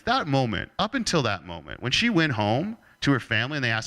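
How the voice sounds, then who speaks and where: Animated, bright-voiced man. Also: mid-range voice, fairly quick, hardly any pauses. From Canada. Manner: animated, joking storyteller. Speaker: keynote speaker. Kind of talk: motivational talk with humorous storytelling.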